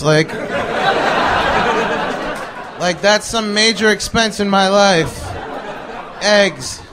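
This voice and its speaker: Male comedian, chatty storyteller, somewhat high voice, live audience noise. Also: slow, a crowd in the background. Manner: chatty, laughing, many fillers. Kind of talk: stand-up storytelling. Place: stage before a live audience.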